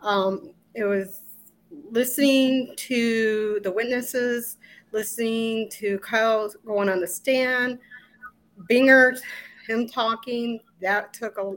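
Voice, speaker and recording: A middle-aged woman, an interview guest, recounting a personal ordeal in a halting way with restarts and quoted asides. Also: fairly high pitch, steady tone, fairly bright tone. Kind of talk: emotional personal recollection.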